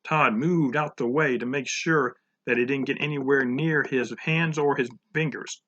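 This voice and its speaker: A man's voice: mid-range voice, moderate pace, dull audio. Man reading a children's book aloud. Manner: relaxed, informal asides. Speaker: program director reading to children.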